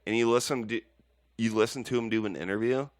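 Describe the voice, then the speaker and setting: A man's voice: mid-range voice, steady tone, quick pace, dry recording, clean studio sound. A man hosting a casual podcast, rambling and joking, swearing freely. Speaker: podcast host.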